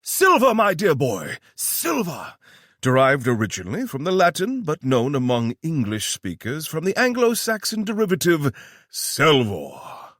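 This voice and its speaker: A man's voice: on the high side, huge pitch swings, fairly bright tone, no echo, studio quality, pitched above the performer's own voice, full character voice. A man voicing an eccentric, flamboyant weapons scientist with a New York accent who slips into a fake posh British voice. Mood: pompous, theatrical. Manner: fast-talking, theatrical, switches to a fake posh British put-on. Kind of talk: audiobook character voice.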